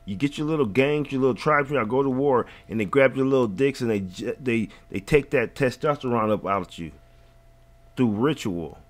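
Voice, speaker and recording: A man's voice: medium pitch, moderate pace. A man hosting a reaction video, ranting in heated, profane, rambling casual commentary.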